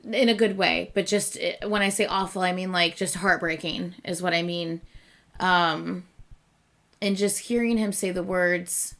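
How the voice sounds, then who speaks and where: A woman's voice: on the low side, steady tone, unhurried, a bit bright. A woman hosting a reaction video, talking in an earnest, emotional way with lots of restarts and fillers. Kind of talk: casual reaction commentary.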